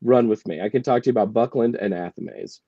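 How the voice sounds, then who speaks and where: A lower-pitched man chats on a panel, laying out facts in an explaining tone with wry asides. His recording sounds dull and lo-fi, with a close, dry sound. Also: quick pace, mellow, no echo. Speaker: author and panel regular. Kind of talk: casual panel chat.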